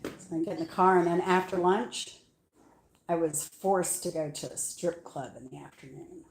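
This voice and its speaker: A cooking vlog host with a lowish voice, moderate pace, and vocal fry chats at home in her kitchen. She rambles through stories with lots of fillers, laughing often as she goes.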